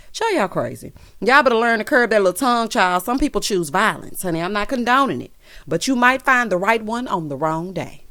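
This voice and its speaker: A recap vlogger with a mid-range voice runs through a reality show in clean studio sound with no echo. She's sassy and playful, telling it animatedly and imitating the cast's quotes.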